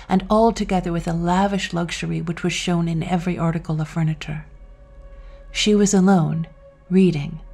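A woman narrating a classic story calmly and expressively, as a scripted audiobook reading. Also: fairly low pitch.

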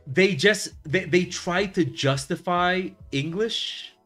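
A man's voice: high voice, takes it slowly, faint music behind. A man chatting casually on a live art stream, rambling with lots of fillers and restarts and telling things in a wry way. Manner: wry, lively storytelling. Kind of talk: casual chat while drawing on stream.

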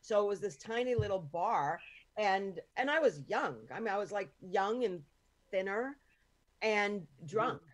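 A woman's voice: mid-range voice, animated, normal speed. An American woman in her fifties hosting a podcast, chatting frankly with swearing and restarts. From United States. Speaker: podcast host. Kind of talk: casual podcast chat.

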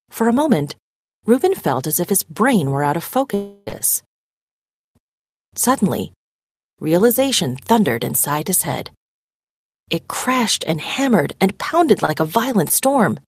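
A woman reading a story aloud expressively and pausing to define vocabulary words. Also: on the low side, creaky, breathy edge, dry recording, clean studio sound. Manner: animated, dramatic storytelling. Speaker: reader.

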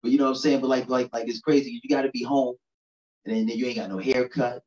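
A man's voice: medium pitch, steady tone, fast talker, darkish tone, distant mic. A stand-up comedian from New York City in his thirties, talking to the crowd in a loose, chatty way and often asking "you know what I'm saying.". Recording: roomy echo, dull lo-fi sound.

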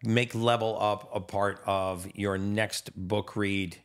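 A man's voice: fairly low pitch, steady tone, slow pace, clear, resonant tone. A man hosting a podcast interview in casual chat, enthusiastic and often repeating words as he starts a sentence. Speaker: podcast host. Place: home in Miami.

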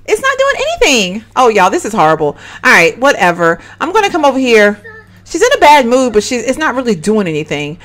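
A woman giving animated, exclaiming let's-play commentary and chatting straight to her viewers. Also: a little high, fairly quick. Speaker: gaming channel host.

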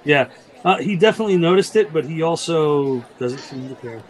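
A man narrating a tabletop game as game master, describing scenes and calling for rolls with frequent pauses. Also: a little high, lively intonation, low-quality recording. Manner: descriptive, halting with fillers.

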